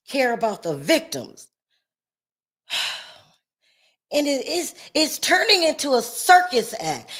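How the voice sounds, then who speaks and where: An upset woman hosts a live stream from her home, talking slowly and unhurriedly. She rambles emotionally, jumping from loud outbursts down to sighing, quiet murmurs, and sounds shaky. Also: high-pitched. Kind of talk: casual live-stream commentary.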